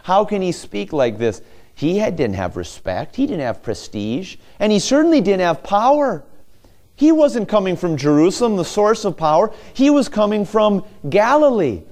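A man's voice: sits high, big pitch swings, moderate pace, a little mellow. A man preaching a sermon, asking rhetorical questions and acting out quoted voices. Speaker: pastor.

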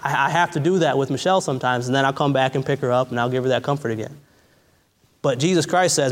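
A man's voice: medium pitch, fast talker. Fervent man preaching in a reverberant hall. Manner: fervent, repeats phrases, casual asides. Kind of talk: sermon. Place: church in a large hall. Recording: long church hall reverb.

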